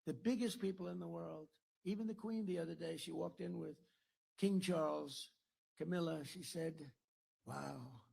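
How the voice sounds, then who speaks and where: A man's voice: a little high, steady tone, moderate pace, gravelly, a little mellow. An older American man giving an after-dinner speech at a podium mic in a dinner hall, rambling, repeating himself and boasting. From United States. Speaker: political speaker.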